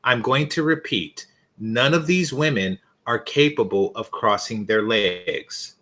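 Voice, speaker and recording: A man hosting a reaction video from a home setup on a desk mic, blunt and mocking, breaking into loud shocked yelps. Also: mid-range voice, unhurried. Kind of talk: scornful reaction commentary.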